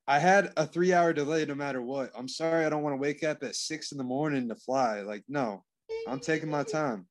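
A man's voice: a little high, brisk. A man co-hosting a podcast, talking bluntly in casual banter with plenty of swearing. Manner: blunt, profane, defensive banter. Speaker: podcast co-host. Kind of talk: casual chat.

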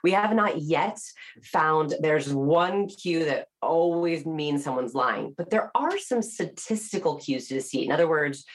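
In a podcast interview, a body language researcher and author with a low-pitched voice walks through her findings. Her explanations are brisk and emphatically animated, frequently dipping into playful quoted voices to demonstrate a point.

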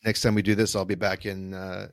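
A man with a fairly low voice talks loosely on a podcast, restarting his sentences and breaking into laughter. The sound is dry and close to the mic. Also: little pitch movement, brisk, dry recording. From United States. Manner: rambling, self-interrupting, laughs often. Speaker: podcast co-host. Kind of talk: casual conversation.

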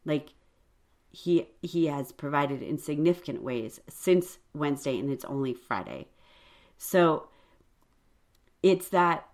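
A woman's voice: low voice, expressive, takes it slowly, pauses often, darkish tone. A woman hosting a faith podcast, talking earnestly and conversationally with frequent fillers. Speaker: podcast host.

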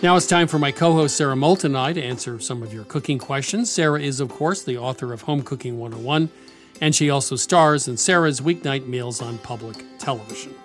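A man hosts a relaxed conversation with a guest. He is friendly and self-deprecating, and he laughs easily as he talks. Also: medium pitch, brisk, soft background music. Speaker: host. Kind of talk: casual interview.

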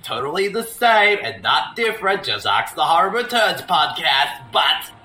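A man's voice: a little high, very animated, normal speed, pushed and bright, reverberant, rough recording. A man riffing and joking over a movie, rambling with lots of fillers.

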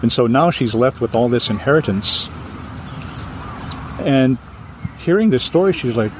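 Man telling a ghost story, animated. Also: medium pitch, a little slow, long pauses, slight background noise. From Hawaii. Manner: vivid, animated telling with acted voices. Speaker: storyteller guest.

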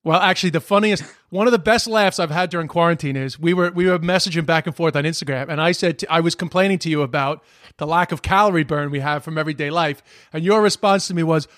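New york comedian guy in his 40s, rapid jokey banter, dry close sound. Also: fairly high pitch, fairly bright tone, no room sound. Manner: quick, joking banter. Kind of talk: casual podcast chat.

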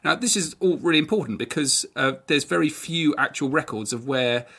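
A man's voice: fairly high pitch, expressive, a little fast, gravelly, bright, forceful tone. Guy co-hosting, explains stuff eagerly, trips over words sometimes. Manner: enthusiastic, explanatory, some restarts. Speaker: podcast co-host. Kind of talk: casual chat.

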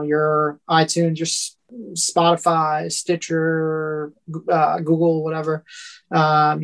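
New York-accented podcast guest, halting. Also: male voice, fairly high pitch. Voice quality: halting, lots of restarts, laughs often. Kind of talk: casual interview chat.

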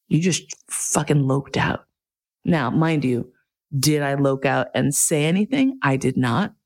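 A middle-aged woman telling a candid, profane, self-mocking story as a monologue. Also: on the low side.

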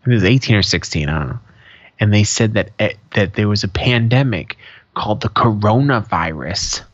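Podcast co-host, male, low lively voice, crude humor, dull dry lo-fi sound. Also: normal speed, dry recording. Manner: animated storyteller, crude and joking. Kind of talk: casual chat. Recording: dull, dry, slightly lo-fi mic.

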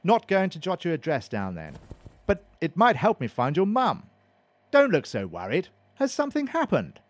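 A man's voice: a little high, wildly swooping pitch, moderate pace, a little hiss or hum. A man playing a prim, put-upon man who mutters to himself and turns sarcastic, in a comedy audio drama. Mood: fussy.

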